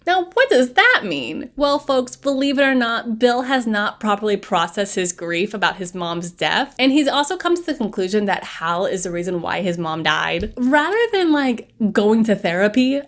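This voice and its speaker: A woman giving a casual, sarcastic recap of a horror film, with playful asides to her viewers. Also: a little high. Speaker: movie reviewer.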